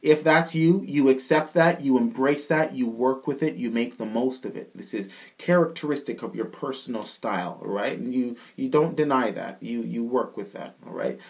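A man's voice: mid-range voice, normal speed, few pauses. A man with a Canadian accent giving a casual singing lesson as a vocal coach, often checking in with the listener. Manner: casual, keeps checking in with "all right?".

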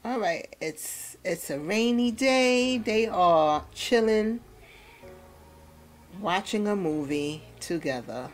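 Woman, let's play host, casual gameplay commentary, playful and chatty, animated pitch, faint music behind. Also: slow.

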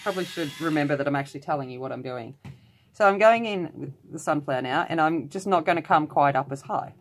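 Chatty woman, low voice, rambling colour-along vlog host. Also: fast, a little hiss or hum.

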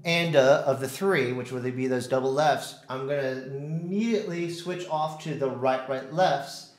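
A man's voice: mid-range voice, normal speed, echoey room. A man teaching drums in a casual way, counting out stickings and humming rhythms. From United States. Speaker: drum teacher. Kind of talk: casual instructional talk.

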